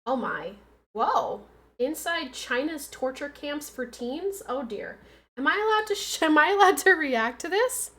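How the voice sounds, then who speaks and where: A woman's voice: high voice, sing-song, unhurried, fairly bright tone. A woman livestreaming from home in a casual chat, arguing back at her chat with emphatic, insistent points.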